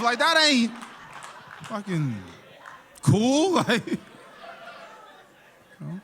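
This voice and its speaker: A male stand-up comedian with a high, bright voice tells casual, profane stories on a theater stage. He often laughs between punchlines, and his voice comes through a handheld stage mic. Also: very animated, takes it slowly, long pauses, a faint crowd, a little hiss or hum. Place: theater stage before a live audience.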